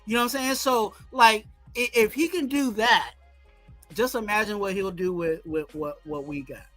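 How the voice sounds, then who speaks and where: A man's voice: high voice, moderate pace, bright, forceful tone, soft background music, low-quality recording. A man co-hosting a casual sports talk show, rambling and often saying "you know what I'm saying". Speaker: co-host.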